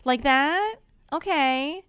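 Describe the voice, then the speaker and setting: A woman's voice: high-pitched, lively intonation, very slow, fairly bright tone, no room sound, studio quality. A woman co-hosting a podcast in casual chat, laughing often as she recounts household arguments. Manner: storytelling with frequent laughter, retelling arguments. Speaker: podcast co-host.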